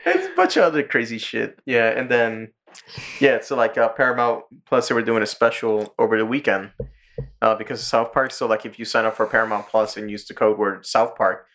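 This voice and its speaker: A man's voice: mid-range voice, expressive, a little fast, a bit bright. A man co-hosting a podcast, casually recapping a cartoon episode, swearing freely and quoting the characters in a raised voice between laughs. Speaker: podcast co-host.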